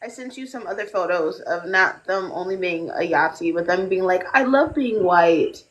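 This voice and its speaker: A woman's voice: lowish voice, normal speed, fairly bright tone, highs cut off. A woman casually passing on information in an online voice chat.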